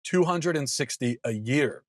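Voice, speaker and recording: A man in his thirties hosts his own show, delivering an emphatic opinion monologue. He repeats himself for stress and stumbles into quick restarts. His voice sits at a middle pitch, and the recording is dry and close. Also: animated, no room sound. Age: 30s. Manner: emphatic, repetitive, stammering restarts. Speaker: podcast host.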